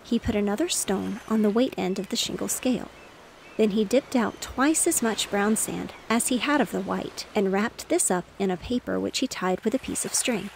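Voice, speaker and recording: Woman narrating a bedtime story, gentle steady reading, gravelly voice, faint waves behind. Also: medium pitch, normal speed, slight background noise.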